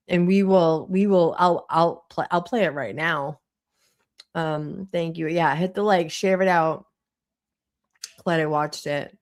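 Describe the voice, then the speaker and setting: A woman with a thick Boston accent and a low voice roughened by vocal fry. She hosts a live stream in a chatty, rambling way, reading out viewer comments and restarting her sentences as she goes. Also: darkish tone. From Boston area, US. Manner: chatty, reads chat aloud, frequent restarts. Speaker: livestream host. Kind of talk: casual live chat with viewers.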